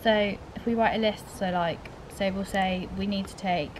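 A woman's voice: mid-range voice, steady tone, normal speed, a little hiss or hum. A young woman chatting casually for a vlog, talking through plans step by step. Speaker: vlogger.

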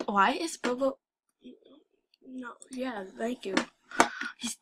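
A teenage girl with a fairly high voice reacts to images with slow, drawn-out talk and frequent giggles. She rambles and bursts into excited outbursts. A faint hiss and mouse clicks sit behind her. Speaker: channel host. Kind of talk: casual commentary while browsing images.

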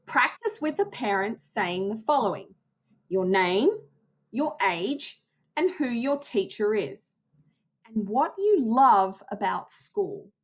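A woman's voice: medium pitch, expressive, slow. A woman teaching theatre arts to young children in a recorded lesson, enunciating carefully as she demonstrates.

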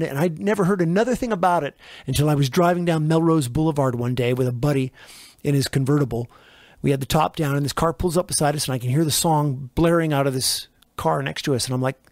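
A man's voice: a little high, fast, no echo. Man telling studio stories, dry sound. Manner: rambling, animated anecdotes with acted-out quotes. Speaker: record producer and engineer guest. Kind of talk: casual interview storytelling.

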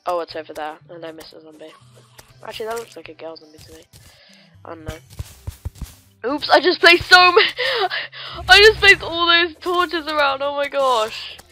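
A woman talking through her gameplay in a chatty, excitable let's play style, her pitch jumping about animatedly. She greets the creatures she runs into in a playful way, over faint game music behind her.

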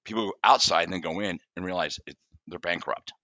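A middle-aged man with a low voice speaks briskly, with no room sound, as a therapist guest on a podcast. Lively in his storytelling, he acts out client dialogue while sharing tales from his practice in a conversational interview.

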